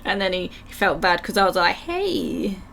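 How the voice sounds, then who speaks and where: A woman with a croaky throat chatting with her live chat while reading game text aloud. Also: lowish voice, level tone, quick pace, bright, forceful tone, slight background noise. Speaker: livestream gamer.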